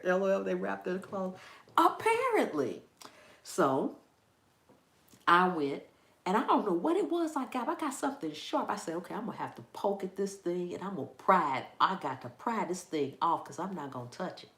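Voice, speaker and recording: A woman hosting a gardening channel chats with her viewers, telling a story in an animated way. She laughs and exclaims often, and her pitch swings high and low. The recording sounds like an echoey room. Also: normal speed. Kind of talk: casual chat with viewers.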